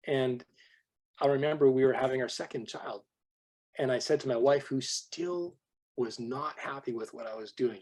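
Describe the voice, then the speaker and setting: A man telling personal stories to his sales team on a call, acting out dialogue, his voice worn from a long night of talking. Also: medium pitch. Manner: animated storyteller, acts out quoted dialogue. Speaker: guest trainer on a team call.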